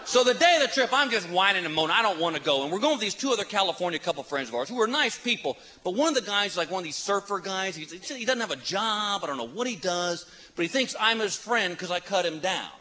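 High, lively exasperated male comedian. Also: quick pace, few pauses. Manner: exasperated, sarcastic storytelling. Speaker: stand-up comedian. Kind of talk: stand-up comedy. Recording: noisy live comedy recording.

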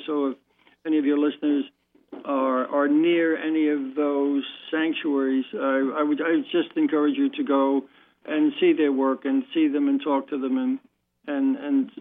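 Male phone-in guest, flat and halting, heard over a tinny phone line. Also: medium pitch. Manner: halting, repeats words while speaking. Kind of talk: phone interview.

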